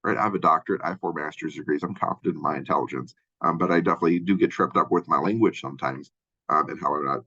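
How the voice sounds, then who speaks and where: A man from Minnesota with a Minnesotan accent and a deep voice, giving a casual college lecture full of fillers and restarts. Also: rapid-fire, bright, forceful tone, husky, lo-fi sound. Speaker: college instructor. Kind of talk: lecture overview of a textbook chapter.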